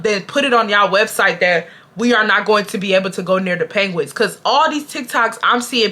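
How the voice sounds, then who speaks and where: In a casual storytime video, a young woman vlogger speaks straight to her viewers, animated and full of slang. Her voice is mid-range.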